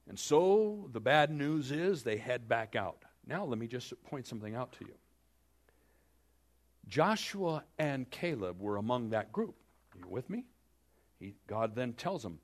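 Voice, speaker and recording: Male pastor, mid-pitched, storytelling sermon with playful asides and big dynamic swings. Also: moderate pace. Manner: animated storytelling with joking asides to the congregation; dramatic swings between loud and hushed.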